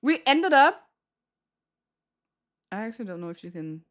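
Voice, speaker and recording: Chatty young woman streamer, slightly high voice. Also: sing-song, moderate pace. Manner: rambling, chatty, with frequent laughter and "like" fillers. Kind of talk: casual storytelling chat.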